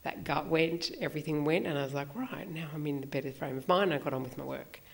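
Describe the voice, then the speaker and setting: Woman, low gravelly voice, personal sharing, halting and reflective. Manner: reflective, halting, with many fillers. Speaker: recovery meeting speaker.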